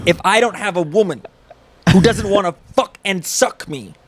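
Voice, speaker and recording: A man's voice: sits high, voice pushed up. A man doing a clumsy impression of a bragging, bald tough-guy millionaire on a comedy podcast, breaking into laughter. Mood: boastful. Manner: halting, laughing, botched impression.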